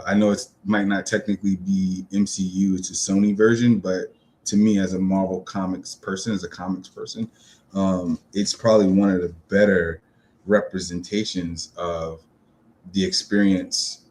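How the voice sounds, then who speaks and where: A man talks through his thoughts in a relaxed, rambling way, leaning on plenty of ums and uhs. His voice sits on the low side. It sounds like an unscripted solo video chat. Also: normal speed, a little hiss or hum. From New York City. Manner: loose and rambling, many fillers. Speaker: pop-culture vlogger. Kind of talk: casual solo video talk.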